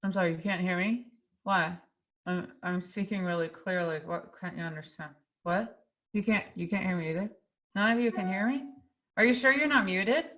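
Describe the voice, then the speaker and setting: A woman's voice: fairly low pitch, moderate pace, a bit bright, close to an everyday voice. A woman acting out a frazzled, worn-out woman stuck in endless video meetings, talking in a flustered, pleading way. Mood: confused.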